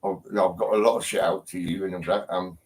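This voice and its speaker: A man's voice: deep voice, flat delivery, fast talker, rough recording. Rambling, swearing English man. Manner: rambling, full of ums and restarts, heavy swearing. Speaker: livestreamer. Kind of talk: rambling live-stream chat. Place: at home. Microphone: phone.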